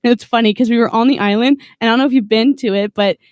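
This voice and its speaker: Animated young woman telling a story. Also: fairly high pitch, very fast, dry recording, studio quality. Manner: animated, acts out quoted voices, laughs through story. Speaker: podcast guest. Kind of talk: casual storytelling chat.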